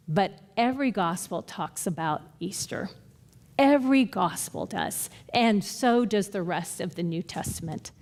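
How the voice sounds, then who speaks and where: A woman's voice: mid-range voice, darkish tone, big-room sound. A woman leading a Bible study, earnestly teaching and retelling stories with quoted dialogue. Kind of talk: conversational teaching and storytelling.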